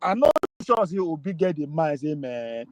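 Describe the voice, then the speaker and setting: A Nigerian man hosting a casual political chat in Pidgin and English, animated and argumentative, often laughing. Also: a little high, brisk, a little hiss or hum, rough recording. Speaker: political talk show host.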